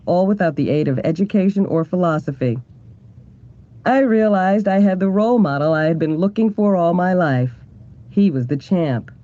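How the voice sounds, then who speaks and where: A man's voice: a little high, warm tone, no room sound. Man reading an audiobook, muffled. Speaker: audiobook narrator.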